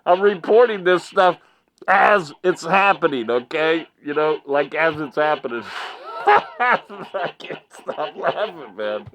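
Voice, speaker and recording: A man's voice: fairly high pitch, animated, slow, a bit bright. A man giving mocking commentary in a vlog, laughing often and repeating phrases like a ring announcer. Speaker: online commentary vlogger.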